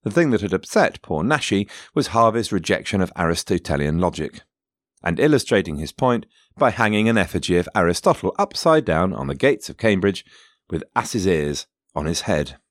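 A man's voice: low-pitched, very animated, moderate pace, no room sound, studio quality. A man narrating history as a podcast host, with wry asides and digressions spoken directly to his listeners.

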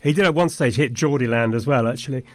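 A man talking through a film in a thoughtful, measured way, with dry humour. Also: mid-range voice. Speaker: podcast film reviewer. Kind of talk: conversational film discussion.

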